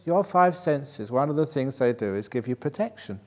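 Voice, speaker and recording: An older man, a Buddhist monk, giving a dharma talk at a retreat, telling anecdotes, chuckling at his own jokes and rising into animated rhetorical questions. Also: mid-range voice, normal speed, few pauses.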